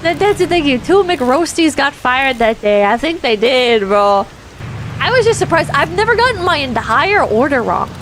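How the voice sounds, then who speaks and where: A woman with a bright, high-pitched voice tells a rambling story in a relaxed, chatty way. She laughs often and swears freely as she goes. A faint background hum sits under her voice. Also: normal speed, poor audio. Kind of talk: casual storytelling on a stream.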